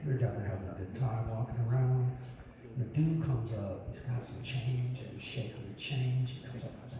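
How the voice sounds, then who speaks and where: A man tells crude, profanity-laced stories on a comedy bar stage. The sound bounces around a reverberant room with a long tail. The mic sounds distant and a steady noise sits under the voice. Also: medium pitch, fairly quick. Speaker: stand-up comedian. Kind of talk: stand-up set. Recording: echoey club room, mic heard from far, noisy.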